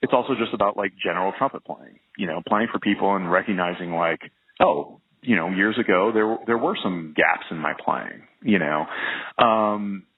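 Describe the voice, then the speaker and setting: A low-voiced man with a husky, slightly rough tone talks casually about his career as a trumpet player. He rambles and restarts sentences, leaning on fillers as he thinks aloud. His voice comes through a narrow, phone-like line. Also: moderate pace. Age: adult, well past early twenties. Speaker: professional trumpet player, interview guest. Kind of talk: casual conversational interview.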